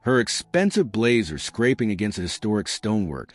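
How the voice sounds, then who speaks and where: A man narrating a scripted story in a steady storytelling manner. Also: lowish voice, normal speed, no echo.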